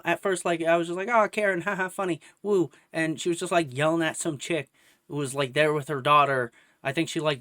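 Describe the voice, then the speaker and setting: A young man tells a story for his vlog in a profane, animated rant. His voice sits on the higher side for a man. The sound is dry and close, with no room echo. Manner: profane, animated ranting with frequent laughs. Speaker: vtuber storyteller. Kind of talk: casual story-time vlog.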